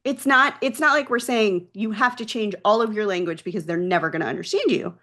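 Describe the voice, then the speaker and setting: A woman's voice: mid-range voice, fairly quick, a bit bright. A woman guest on a podcast, a mental health practice founder, explaining things earnestly in a casual interview.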